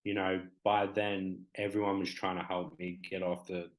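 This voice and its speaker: A man's voice: deep voice, level tone, moderate pace, poor audio. A man in his twenties with an Australian accent, a talk show guest speaking candidly and rambling with many fillers. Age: 20s.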